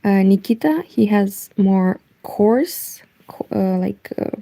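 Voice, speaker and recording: Romanian-accented woman talking soft at home late at night, nearly lost her voice, very dark mellow tone, reads chat out. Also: mid-range voice, lively intonation, slow, gravelly. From Eastern Europe. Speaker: knitting livestreamer.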